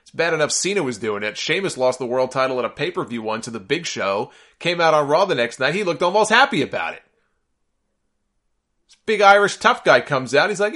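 A man's voice: a little high, big pitch swings, a little fast, bright, forceful tone. A man hosting a solo podcast, giving sarcastic, opinionated commentary and getting exasperated and worked up. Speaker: podcast host.

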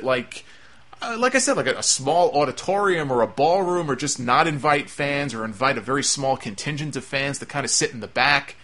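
Male podcast host, bright and forceful tone, sarcastic and foul-mouthed, casual ranting delivery. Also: mid-range voice. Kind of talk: casual solo commentary.

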